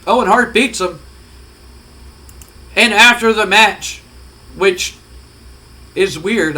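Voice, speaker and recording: A man's voice: sits high, sharp tone, a little hiss or hum, low-quality recording. A man giving casual, rambling commentary on a wrestling simulation game, often swearing. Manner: rambling, profane, conversational. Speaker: let's play host.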